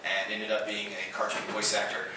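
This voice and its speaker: A middle-aged man, a voice actor and convention panel guest, telling lively anecdotes with frequent laughter and acted-out quotes. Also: lowish voice, fairly quick. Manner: animated storyteller, laughs often, quotes others. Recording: roomy hall recording from far off with noise.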